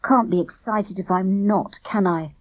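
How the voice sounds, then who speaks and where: A woman's voice: medium pitch, a little slow, dry recording, lo-fi sound, lightly acted. A woman reading a storybook, voicing a gloomy, lanky boy who mumbles miserably. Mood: glum. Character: gloomy lanky young boy, sulky and withdrawn.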